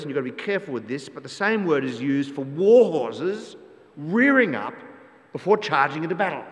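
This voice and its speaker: Emphatic preaching man, reverberant church. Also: fairly high pitch. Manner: emphatic, repeats key phrases, asks the congregation rhetorical questions. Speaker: pastor. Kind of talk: sermon. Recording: long church hall reverb.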